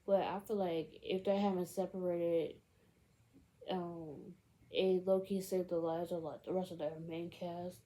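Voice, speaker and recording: A woman's voice: lowish voice, little pitch movement, a little slow, mellow, rough recording. A woman casually retelling a film's plot in a rambling way, filling every gap with "like" and "you know". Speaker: film recap vlogger.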